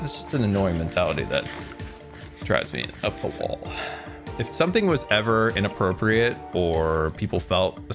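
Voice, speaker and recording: A man streaming a game, chatting casually and rambling, self-deprecating, with many fillers. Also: on the low side. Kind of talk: casual game livestream chat. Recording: music playing behind the voice.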